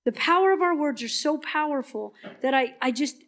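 A woman giving a passionate, emphatic sermon at church that often turns soft and earnest. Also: high voice, expressive, fairly quick. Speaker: church speaker.

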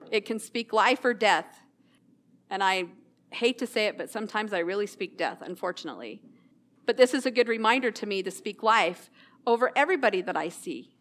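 A woman's voice: on the high side, a bit bright. Earnest woman giving a devotional talk. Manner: earnest, reads scripture slowly, self-deprecating asides. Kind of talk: casual Christian devotional talk.

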